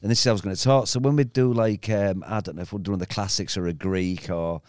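Fast-talking man telling stories. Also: on the low side, steady tone, darkish tone, clear, resonant tone, dry recording, studio quality. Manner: rambling anecdotes acting out other voices. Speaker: guest comedian. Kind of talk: casual storytelling.

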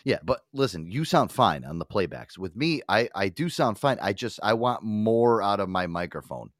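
A man's voice: lowish voice, animated, moderate pace, dry recording, clean studio sound. A man hosting a podcast, rambling casually with swearing and frequent laughs. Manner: rambling, profane, laughs easily. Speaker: podcast host. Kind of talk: casual chat.

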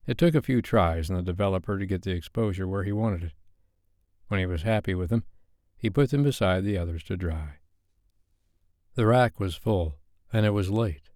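A man narrating a romance audiobook in a measured, even storytelling manner. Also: low voice, dry recording, clean studio sound.

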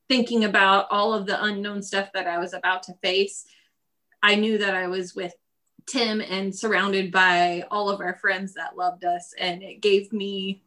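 Bright-voiced woman telling her story. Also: medium pitch. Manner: laughs often while telling her story. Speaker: guest. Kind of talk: casual interview storytelling.

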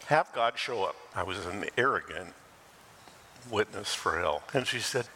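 An older man preaching a sermon as pastor, lively and animated, acting out quoted voices and laughing now and then. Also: lowish voice, unhurried, big-room sound, slight background noise.

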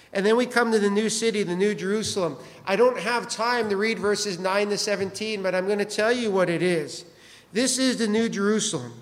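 Male pastor, high voice, chatty joking sermon, long hall reverb. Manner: conversational, joking, asks the congregation questions.

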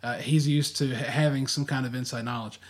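A man's voice: medium pitch, fairly even intonation, fairly quick. Thoughtful man, hesitant co-host. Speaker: podcast co-host. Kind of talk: casual discussion.

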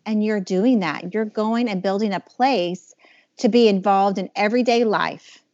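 A woman's voice: mid-range voice, a little slow, darkish tone, a little hiss or hum. A woman hosting a podcast, asking questions in a thoughtful, meandering way with fillers. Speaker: podcast host. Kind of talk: interview questions, casual. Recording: dull, slightly muffled podcast audio.

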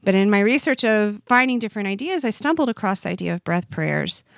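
Woman in her 40s, mid-pitched voice, heartfelt and earnest, stops and restarts a lot. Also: expressive, a little fast, creaky, no echo, studio quality. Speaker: podcast guest. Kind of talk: personal testimony in conversation.

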